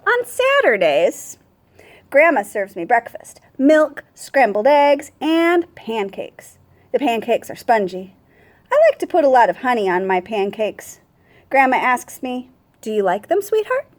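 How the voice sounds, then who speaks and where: A woman who teaches first grade, reading a picture book aloud to children with expressive storytelling and Spanish words spoken with ease. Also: fairly high pitch, unhurried.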